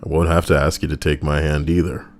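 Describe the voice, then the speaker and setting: A man's voice: rumbling low, flat delivery, quick pace. A man streaming and chatting casually, joking and rambling in a goofy way.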